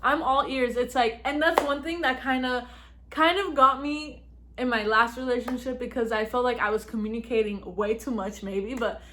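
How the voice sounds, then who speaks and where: A woman's voice: a little high, a little hiss or hum. Chatty, laughing young woman vlogger. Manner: chatty, laughs often, fast and animated. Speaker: vlogger giving advice. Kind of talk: casual talk to camera. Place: at home.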